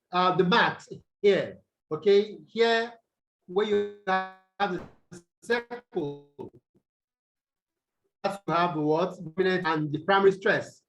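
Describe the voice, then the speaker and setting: A man's voice: high voice, fairly bright tone, dull audio. A Nigerian man teaching English over a video call, repeating points and quizzing his students with "what?" prompts. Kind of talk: online tutorial lecture.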